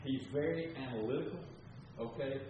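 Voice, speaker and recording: An older man preaches through a story in a folksy, rambling way that grows loud and fervent. His medium-pitched voice comes at a moderate pace from far from the mic, in a roomy, dull recording with a noisy background.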